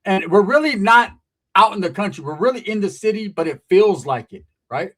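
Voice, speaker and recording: A man in his forties from California telling a comedic story, profane and animated, acting out the people in it. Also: high-pitched, moderate pace. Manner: profane, animated, acts out voices.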